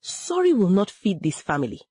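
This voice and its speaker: A woman's voice: mid-range voice, wildly swooping pitch, normal speed, dark tone, husky, no echo. A woman voicing a harsh, cruel middle-aged stepmother who scolds with contempt. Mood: scolding.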